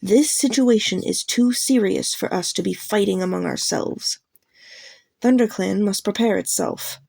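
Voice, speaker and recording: A woman's voice: mid-range voice, unhurried, gravelly, no echo. A woman voicing a grave, commanding she-cat clan leader who speaks steadily and formally to her clan in an audiobook reading. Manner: steady, formal addressing a gathering. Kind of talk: audiobook character voice.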